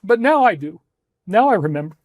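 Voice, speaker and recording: A man with a high voice speaks with fervent emphasis and often repeats a phrase to drive it home. He addresses his listeners directly, as if giving a talk. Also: big pitch swings, a little fast, dry recording, studio quality. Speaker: speaker in archived clips. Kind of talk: impassioned talk to viewers.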